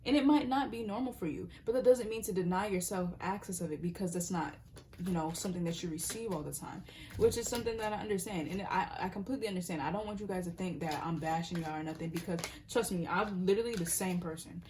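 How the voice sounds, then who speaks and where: A young woman with a fairly low voice talks through a tarot reading in a loose, rambling way. She circles back on her points and keeps cutting herself off. A faint hiss sits under her close, homemade recording. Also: fast, a little mellow. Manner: rambling, earnest, self-interrupting, sometimes laughing or dropping to a whisper. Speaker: tarot reader. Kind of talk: casual spoken tarot reading.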